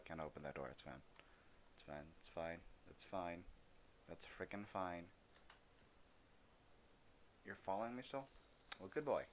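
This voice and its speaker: A young gaming streamer with a low voice gives casual let's-play commentary on a shooter, rambling and joking as he talks to the characters he meets. A little hiss or hum sits under the audio.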